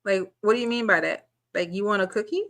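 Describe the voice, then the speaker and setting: A woman's voice: medium pitch, fast, a bit bright. A woman channel host giving reaction commentary, firing off incredulous rhetorical questions and repeating words as she gathers her point.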